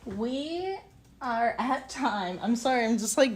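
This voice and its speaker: A woman's voice: a little high, expressive, slow pace. A young woman chatting casually as she works on pottery, telling a rambling story full of fillers and little laughs. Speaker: streamer working on ceramics. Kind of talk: casual chat while working. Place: home pottery studio.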